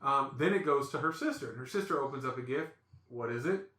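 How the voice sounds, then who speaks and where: A man hosting a podcast, telling stories in a casual, animated way and acting out the voices in them. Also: mid-range voice, brisk, roomy sound. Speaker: podcast host. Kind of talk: casual storytelling chat.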